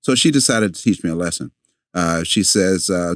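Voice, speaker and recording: An older man, a podcast guest, telling a long story in a halting way with many fillers and restarts. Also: low-pitched, dry recording, studio quality.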